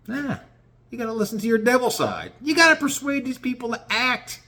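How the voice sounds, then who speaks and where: A middle-aged man telling a casual personal story in a profane, animated way, often acting out what people said. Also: very high-pitched, fairly quick. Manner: profane and animated, acts out quoted dialogue.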